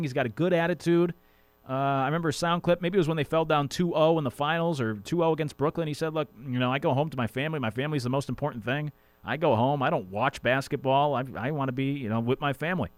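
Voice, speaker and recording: A man's voice: a little high, no room sound. A man hosting a sports radio show, talking casually with rambling jokey asides. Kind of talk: casual sports talk monologue.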